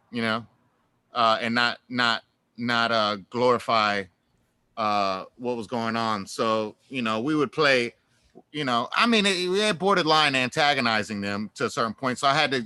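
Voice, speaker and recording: A man speaks as a guest in a relaxed interview, winding through his stories with many fillers and restarts. His voice is bright and forceful, at an ordinary pitch for a man. The sound is dry, with no room echo. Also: moderate pace, clean tone. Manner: animated, laughs through stories. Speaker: guest musician. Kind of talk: casual interview chat.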